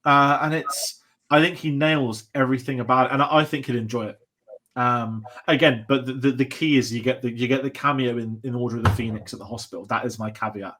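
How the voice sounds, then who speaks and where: Excitable man chatting about films. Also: mid-range voice, brisk, a little hiss or hum. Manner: excitable, rambling, swears casually. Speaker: podcast co-host. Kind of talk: casual film chat.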